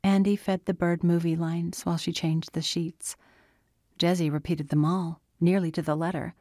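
A woman narrating an audiobook in a calm, measured storytelling manner. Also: fairly low pitch, no room sound. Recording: dry close studio sound.

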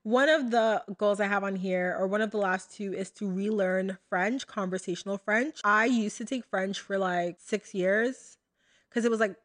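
A woman's voice: medium pitch, normal speed, fairly bright tone. A young American woman hosting her own podcast, talking casually and chattily to her listeners with lots of fillers and asides. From United States. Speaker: podcast host. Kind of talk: casual solo podcast talk.

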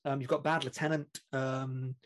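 A man's voice: mid-range voice, flat delivery, normal speed. A British man co-hosting a film podcast, talking in a chatty, rambling way with lots of fillers and laughs. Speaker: podcast co-host. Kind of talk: casual film podcast chat.

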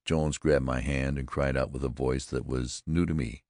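A man narrating a first-person audiobook in a measured, deliberate storytelling manner on a close microphone. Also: extremely low pitch, steady tone, a little mellow, no echo.

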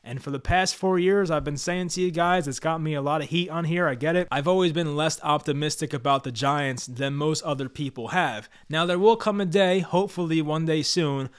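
A man's voice: a little high, clear, resonant tone. A man hosting his own channel, giving blunt, frustrated commentary on his football team. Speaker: sports commentator, Giants fan channel host. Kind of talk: opinionated scripted commentary to camera.

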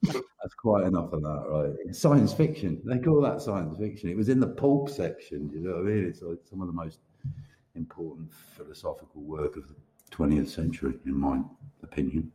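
A man's voice: low-pitched, expressive, normal speed, warm tone, roomy sound, slight background noise. A man who is an author talking casually on a podcast, rambling, swearing and laughing often. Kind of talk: casual chat.

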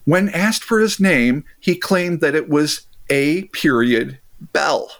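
A man's voice: a little high, slow. A man hosting a podcast, mixing casual chat with reading a story aloud and swearing freely. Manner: animated, laughing, swears freely. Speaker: podcast host.

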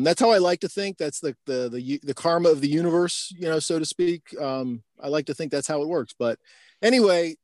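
A man's voice: fairly high pitch, darkish tone, no echo. A man co-hosting a podcast, talking casually and reflectively with many fillers. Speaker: podcast co-host. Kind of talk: casual chat.

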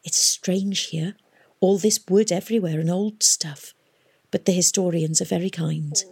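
A woman's voice: fairly low pitch, fairly even intonation, measured pace, vocal fry, a little mellow, slightly rough, heavily acted. A woman voicing a nervous young male apprentice in a storybook reading, whispery and hesitant.

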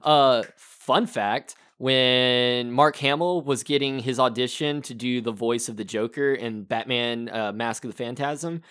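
A man co-hosting a casual film podcast, animated and opinionated. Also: mid-range voice, unhurried, smooth. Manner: animated, opinionated, puts on mock movie voices. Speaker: podcast co-host.

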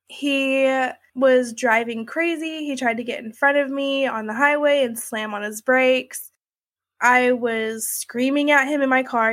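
A woman's voice: fairly high pitch, fairly bright tone. A young woman recounting a personal ordeal in a conversational way, full of "like" and "you know". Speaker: interviewee recounting her experience. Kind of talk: emotional personal storytelling.

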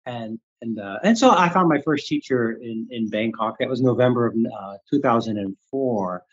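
An older Midwestern American man, a Reiki teacher appearing as an interview guest, candidly tells a story and acts out his past thoughts. His voice is medium-pitched and husky at normal speed, with the highs cut off.

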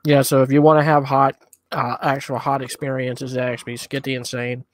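A man's voice: medium pitch, flat delivery, normal speed. A man co-hosting a casual podcast, chatting in an easygoing, rambling way while eating hot wings. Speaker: podcast co-host.

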